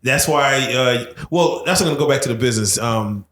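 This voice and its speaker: A man's voice: mid-range voice, moderate pace, fairly bright tone, echoey room. A man hosting an interview, reacting with short exclamations and asking questions. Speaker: interviewer host. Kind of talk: podcast interview.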